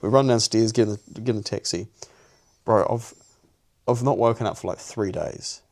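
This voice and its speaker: A man's voice: on the low side, normal speed, a little mellow. A young man, telling a personal story on a podcast in a blunt, sweary way. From New Zealand. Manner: blunt and sweary, peppering speech with "bro". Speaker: podcast co-host.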